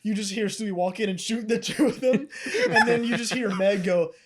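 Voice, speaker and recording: A young man co-hosting a casual podcast, retelling cartoon episodes with big animated energy. His voice sits a bit high for a man, and he breaks into laughter while swearing casually. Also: brisk, very noisy. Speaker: podcast co-host. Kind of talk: casual chat.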